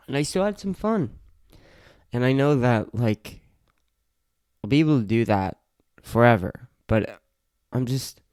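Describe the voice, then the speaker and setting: Brief: late-teen male solo podcaster, swears constantly, frustrated rant, smooth clean voice, dry close-mic sound. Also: medium pitch, dark tone, no echo. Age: late teens. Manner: profane, venting frustration, repeats himself. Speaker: podcast host. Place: home podcast room.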